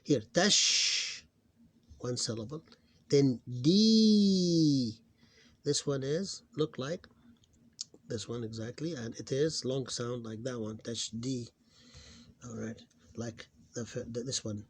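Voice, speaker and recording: A man teaching a phonics lesson, explaining in halting English with restarts and sounding out syllables loudly and slowly. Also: medium pitch, fairly even intonation, slight background noise. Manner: halting, with many restarts and self-corrections. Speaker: Arabic reading teacher.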